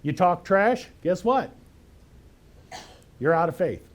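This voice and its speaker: A man's fairly high voice carries an emphatic sermon. He preaches conversationally, pushing his points with rhetorical questions aimed at his listeners. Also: lively intonation, takes it slowly. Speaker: pastor.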